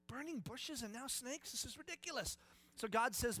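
A male pastor giving a sermon in a church, telling stories in an animated, joking way. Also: extremely high pitch, fairly quick, dry recording. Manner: animated, jokey storytelling.

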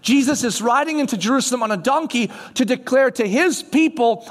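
Man, high voice, pastor, sermon, animated storytelling. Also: a little fast. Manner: animated storytelling, acts out voices of the people he describes.

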